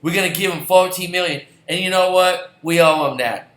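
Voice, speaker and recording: A man's voice: fairly high pitch, fairly even intonation, a little fast, a bit bright, slight background noise. A man and football fan ranting in a heated, sarcastic way, swearing and repeating himself. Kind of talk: angry ranting vlog. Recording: roomy echoey recording.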